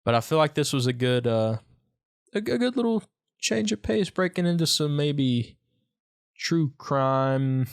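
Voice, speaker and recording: A man co-hosting a casual podcast chat about local legends, telling stories in a relaxed, joking way. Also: on the high side, unhurried, smooth. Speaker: podcast co-host.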